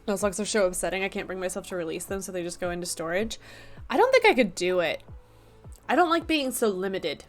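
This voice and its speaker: A young woman chats casually to her stream from an apartment desk, teasing and joking at her own expense. Her voice sits at an ordinary middle pitch, with faint music playing underneath. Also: expressive, quick pace. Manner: chatty, playful, self-mocking. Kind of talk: casual live-stream chat.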